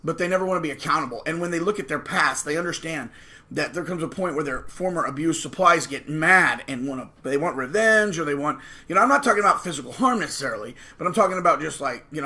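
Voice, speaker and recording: Man, channel host, slightly high voice, bright forceful tone, combative, preachy monologue. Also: fast. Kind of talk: casual monologue to camera.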